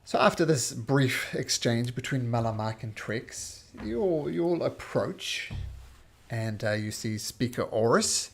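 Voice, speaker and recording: Guy running a tabletop game, mid-pitched voice, relaxed narrating. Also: measured pace, gravelly, breathy edge. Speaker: dungeon master.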